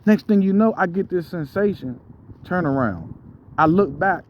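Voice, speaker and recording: A man's voice: high voice, expressive, moderate pace, highs cut off, slight background noise. A man telling a spiritual testimony in a casual, slangy way, calling his listeners bro. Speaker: storyteller giving a spiritual testimony.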